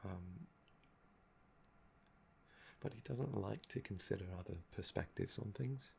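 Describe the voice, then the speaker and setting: A young man with a gravelly, fry-laden voice, talking in a soft-spoken ASMR chat that meanders and trails off. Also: fairly low pitch, a little slow, slight background noise. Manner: meandering and musing, often trailing off with "um". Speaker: ASMR channel host.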